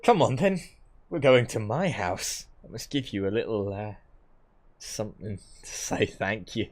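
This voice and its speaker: A man's voice: lowish voice, unhurried. A man voicing a sweet, chatty old country grandmother with a West Country accent, fussing and motherly. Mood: cheery fussing. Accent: West Country English. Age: older. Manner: chatty, fussing, sing-song.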